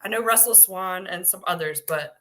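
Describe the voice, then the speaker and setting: Bubbly woman podcast co-host, bright voice. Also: lowish voice, normal speed. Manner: bubbly and gushing. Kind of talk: casual chat.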